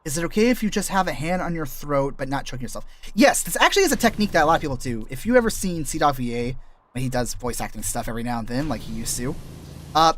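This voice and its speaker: A male streamer with a slightly high, fairly bright voice rambles casually as he plays, frequently losing his thread and restarting. His throat sounds dry and scratchy while he explains voice-acting tricks in a laid-back, teacherly way.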